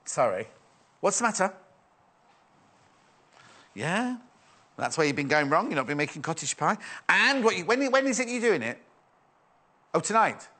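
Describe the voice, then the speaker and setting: Guy hosting a shopping show, chats away, bright voice, pitch all over the place. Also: big pitch swings, normal speed, long pauses, breathy edge. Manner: chatty, rambling, jokey, reads viewer messages aloud. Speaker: TV shopping presenter. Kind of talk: live shopping channel chat.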